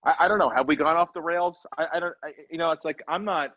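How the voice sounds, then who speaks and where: A man's voice: on the high side, fast talker, no room sound, dull audio. A man in his forties hosting a podcast in casual chat, rambling and profane with self-deprecating asides. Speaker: podcast host.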